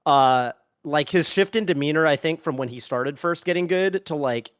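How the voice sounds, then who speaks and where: A man's voice: on the high side, normal speed, clean tone, dry recording, clean studio sound. A man on a panel talk show, rambling and hesitant as he thinks aloud. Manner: rambling, hesitant, many fillers and restarts. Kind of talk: casual panel chat.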